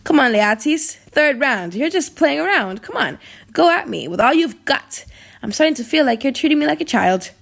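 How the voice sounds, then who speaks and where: A woman's voice: sits high, sing-song, moderate pace, vocal fry, a bit bright, full character voice. A woman reading the lines of a bitter young prince in an audiobook drama, wry and cutting.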